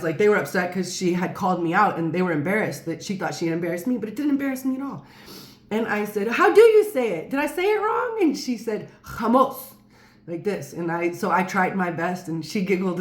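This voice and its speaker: A woman telling a personal story to camera in a casual, rambling way, with many fillers and restarts. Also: mid-range voice. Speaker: storyteller vlogger. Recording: roomy echo.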